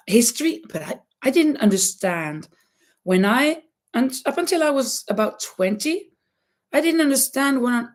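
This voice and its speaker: A woman whose first language is Norwegian, hosting a casual crafting livestream and chatting in a halting way, with many restarts and a lot of laughter. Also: lowish voice. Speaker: livestream host and schoolteacher. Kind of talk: casual chat while crocheting.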